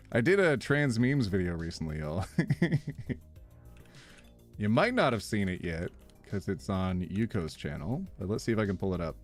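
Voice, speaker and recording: A man live streaming, chatting casually with viewers, reading their messages aloud and laughing often. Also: fairly low pitch. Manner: animated, reads chat aloud and laughs a lot.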